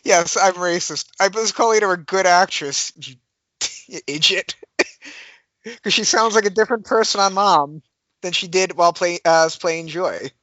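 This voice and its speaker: A man's voice: sits high, unhurried, bright, forceful tone, dry recording. A man co-hosting a podcast in casual chat, arguing his point and laughing often. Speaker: podcast co-host. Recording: dull, dry lo-fi audio.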